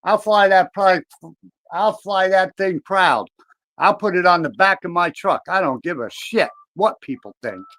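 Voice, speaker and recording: A man's voice: high-pitched, expressive, unhurried, sharp tone, rough recording. A man speaking as a guest on a livestream, defiant, confrontational and swearing freely. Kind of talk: casual livestream chat.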